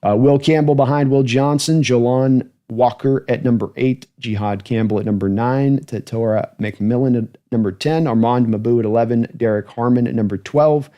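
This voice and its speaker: Man, sports livestream host, casual, rambling, chatty, mid-pitched voice. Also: fairly even intonation, moderate pace, hardly any pauses, lo-fi sound. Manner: rambling, chatty, thanking donors. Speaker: host of a football fan channel livestream.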